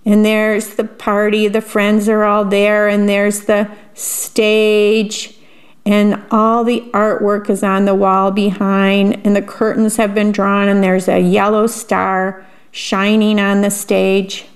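A woman reading a picture book aloud and pausing to describe the pictures in a chatty aside. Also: mid-range voice, monotone. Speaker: storyteller.

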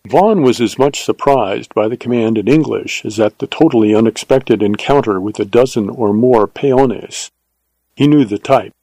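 A man narrating a western novel as an audiobook, in a measured, steady way. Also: mid-range voice, dry recording, poor audio.

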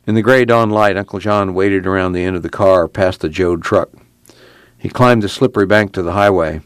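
Seorang pria membacakan narasi buku audio dengan tenang dan mantap. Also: male voice, low-pitched, clear, resonant tone, no room sound. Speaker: audiobook narrator. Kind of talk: scripted narration.

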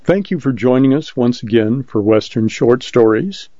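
A man reading a short story aloud as a volunteer narrator, in a measured, steady way. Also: medium pitch, no room sound. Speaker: volunteer reader of short stories. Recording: dull lo-fi recording.

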